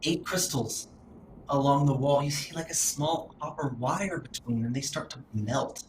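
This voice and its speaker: A man's voice: medium pitch, measured pace, roomy sound, a little hiss or hum, low-quality recording. Man narrating as game master. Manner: descriptive, with sound effects and hesitations.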